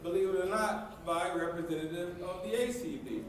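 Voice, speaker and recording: A man's voice: high voice, steady tone, fairly quick, a little hiss or hum. A man giving a folksy, emphatic storytelling speech at a banquet. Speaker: banquet speaker. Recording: echoey banquet hall from far off.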